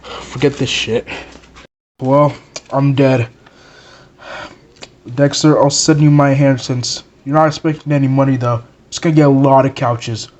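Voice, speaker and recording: A man voicing a hot-headed, foul-mouthed male plush puppet who swears constantly and works himself up into shouts. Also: medium pitch, normal speed, pauses often, lightly acted. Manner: swearing, excitable, rising to shouts. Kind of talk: plush puppet comedy skit.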